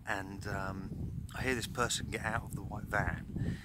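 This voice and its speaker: A motorcycle-camping vlogger talks casually to a handheld camera at a cold moorland campsite in winter, telling a story packed with fillers. His lowish voice is flat and measured, and the recording is very noisy.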